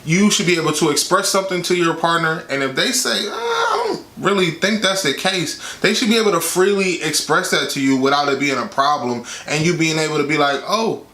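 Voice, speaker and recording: A man's voice: fairly high pitch, fast, few pauses. A man talking candidly about relationships in a casual advice vlog, speaking frankly to his viewers. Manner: candid, conversational, quotes with animated voice. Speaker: vlogger giving relationship advice. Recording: echoey room.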